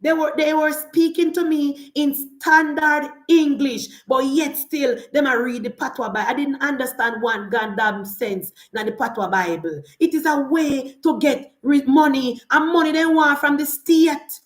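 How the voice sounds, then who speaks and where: A woman's voice: sits high, measured pace, few pauses, roomy sound. A Jamaican woman giving opinionated political commentary, indignant, firing off rhetorical questions and slipping into Patois.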